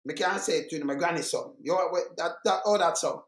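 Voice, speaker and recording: Older man, Jamaican accent, high voice, blunt emphatic chat, echoey room. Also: fairly quick, fairly bright tone. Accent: Jamaican Patois. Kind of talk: casual chat.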